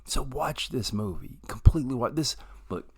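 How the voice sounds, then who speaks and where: A man casually reviewing a movie to camera, animated and excitable, swinging between loud bursts and quiet asides. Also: mid-range voice, moderate pace, husky.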